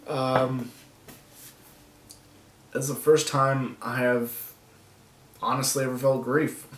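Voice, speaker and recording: A man vlogging to the camera, talking in a soft, halting way with nervous laughs and long pauses. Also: mid-range voice, level tone, roomy sound, far from the mic, slight background noise, rough recording. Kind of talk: personal vlog talking to camera.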